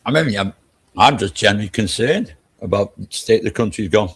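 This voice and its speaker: A man's voice: fairly low pitch, animated, fairly quick, slightly rough. An older man chatting casually, ranting in an exasperated, profane way. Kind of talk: casual chat.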